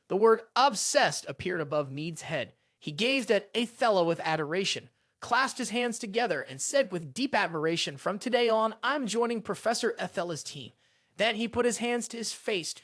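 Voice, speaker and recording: Recap narrator, animated pitch, dry close recording, scripted storytelling. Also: moderate pace, no room sound.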